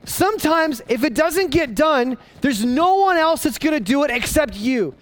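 A man, a pastor, preaching a sermon in an animated way, repeating and restarting phrases as he drives his points home. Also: very high-pitched, moderate pace. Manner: animated, acting out voices of people in the story.

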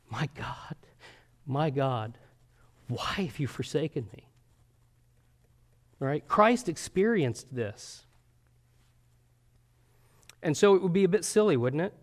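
A man preaching a sermon in an earnest, conversational way, often pausing with fillers and asking "right?". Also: mid-range voice.

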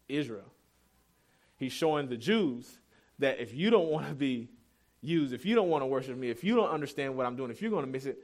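A male pastor in his thirties delivering a sermon like a conversation. He tells stories candidly and pokes fun at himself, and his voice sits at an everyday middle pitch. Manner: conversational storytelling, candid and self-deprecating.

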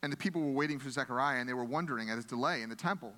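A man's voice: mid-range voice, racing, bright, forceful tone, long reverb tail. A pastor preaching a sermon in an earnest, conversational way, often restarting his phrases.

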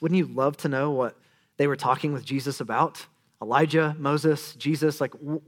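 A young man preaching a sermon, animated and conversational, dropping to a low hushed voice for emphasis. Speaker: pastor.

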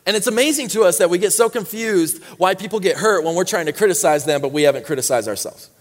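A man with a high voice preaches to his congregation, reading scripture low and quiet, then rising to loud, high exhortation. His voice rings with the long reverb of a large hall. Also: fast. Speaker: pastor. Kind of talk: sermon.

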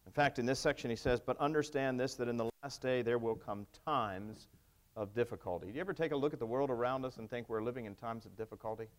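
A man's voice: mid-range voice, quick pace. A male pastor preaching a sermon, emphatic and wry, asking the congregation rhetorical questions. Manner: wry humor.

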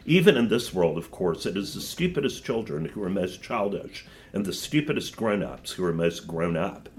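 A man's voice: sits low, very animated, moderate pace. A man reading a story aloud to a class and then explaining it with thoughtful asides. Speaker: teacher.

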